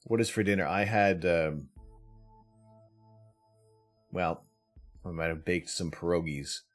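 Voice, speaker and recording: A low-voiced man hosts a live stream and talks easily with his viewers. He greets each one by name and laughs often. Faint music plays underneath. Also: slow. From Canada. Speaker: livestream host.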